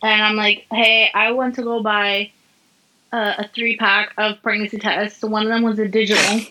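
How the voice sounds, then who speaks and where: A woman's voice: mid-range voice, little pitch movement, normal speed, bright, forceful tone, dull audio. A young woman casually telling a personal story, candid and swearing freely. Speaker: podcast guest.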